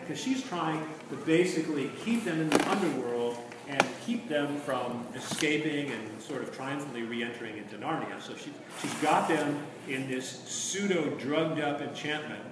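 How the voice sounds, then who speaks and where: Man, literature teacher, animated, questioning, slightly high voice, far from the mic. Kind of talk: literature lecture with read-aloud. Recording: echoey room from far off, noisy.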